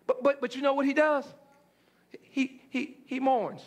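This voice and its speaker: Man, very high voice, pastor preaching, emphatic repetition, stammered restarts. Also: fairly even intonation, unhurried. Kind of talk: sermon.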